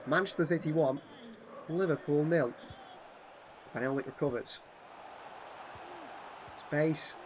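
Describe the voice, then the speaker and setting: A hoarse man commenting on a football video game as a channel host, switching from calm play-by-play to excited shouting at goals. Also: fairly high pitch, normal speed, long pauses, a little hiss or hum.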